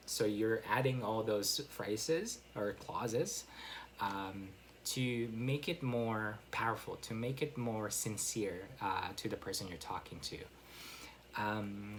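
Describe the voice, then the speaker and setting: A man's voice: lowish voice, fairly bright tone, slight background noise. A man giving a casual online English lesson, explaining step by step with frequent fillers and "right?" check-ins. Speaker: English teacher.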